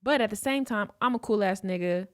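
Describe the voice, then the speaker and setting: A man's voice: a little fast, smooth, dry recording, clean studio sound. A young man from Los Angeles, a podcast co-host telling a story in casual chat, swearing freely and acting out quotes. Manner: animated storyteller, swears freely, acts out quotes with big pitch jumps.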